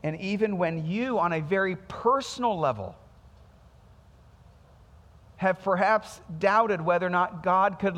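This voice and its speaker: A man in his thirties, a pastor preaching a sermon in a conversational, storytelling way with animated quoted voices. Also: high-pitched. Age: 30s. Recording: music underneath, long hall reverb.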